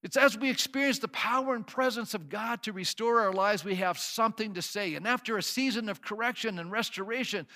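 Bright, high-voiced man preaching a sermon. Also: a little fast, hardly any pauses. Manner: reads scripture then preaches with rising emphatic repetition; uses sound effects and asks the congregation questions. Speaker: pastor.

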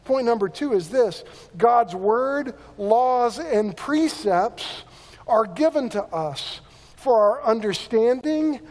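A man's voice: very high voice, animated, slow, a little mellow. A man preaching a sermon as pastor, earnest, often restarting his words. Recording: long hall reverb.

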